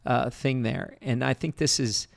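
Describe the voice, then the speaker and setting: Gravelly man teaching with earnest restarts. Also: mid-range voice, steady tone, measured pace. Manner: earnest, repetitive, many restarts. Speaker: pastor. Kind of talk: conversational teaching.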